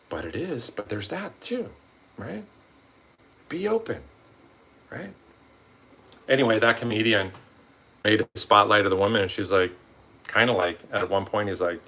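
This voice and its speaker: A man with a medium-pitched, slightly rough voice delivers a casual motivational monologue for his vlog at a moderate pace, pausing often. He rambles, swears frequently, and animatedly voices quotes from himself and others.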